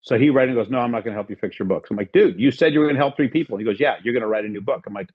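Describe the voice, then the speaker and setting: A man's voice: mid-range voice, racing, husky, no echo, narrow, tinny audio. A middle-aged man as a podcast guest, telling a rambling story casually and acting out the lines of the people in it. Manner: rambling, acts out quoted dialogue.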